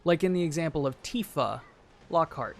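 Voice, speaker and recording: Gravelly man ranting on a game stream. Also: on the high side, lively intonation, moderate pace. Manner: ranting, insistent, trails off quietly. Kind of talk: casual game stream chat.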